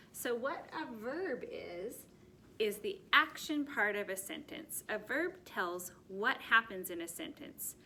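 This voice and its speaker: A woman teaching a first grade lesson, speaking slowly and clearly in an encouraging teacher's manner. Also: medium pitch, sharp tone, a little hiss or hum. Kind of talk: recorded classroom lesson.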